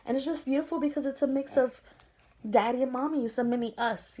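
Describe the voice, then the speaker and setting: A woman's voice: high-pitched, brisk, noisy background. A young woman vlogger telling an emotional story, tender and rambling, teary-eyed as she talks.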